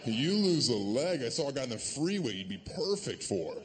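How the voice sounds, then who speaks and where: A man performing a stand-up comedy set on a stage, sarcastic and deadpan, with sudden loud put-on voices. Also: medium pitch, normal speed, in a large hall. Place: comedy stage before a live audience. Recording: live stage recording with audience noise.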